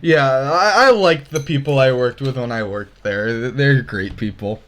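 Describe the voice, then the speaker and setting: A man's voice: mid-range voice, normal speed, fairly bright tone. A man chatting casually over an online call, telling a work story and laughing easily. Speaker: tabletop game player. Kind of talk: casual chat.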